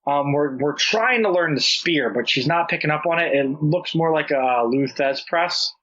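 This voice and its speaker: A young man on a podcast, telling a long story in a loose, animated way and laughing along. His voice sits fairly high for a man. The audio is dull and lo-fi, as if it came through a muffled podcast recording. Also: moderate pace. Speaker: podcast guest. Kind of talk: casual chat.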